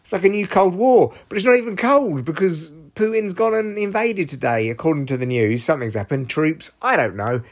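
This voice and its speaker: Talking briskly with few pauses, this podcast host in his forties has a high voice and lively intonation. He goes it alone in a casual, rambling monologue, swearing freely and running himself down.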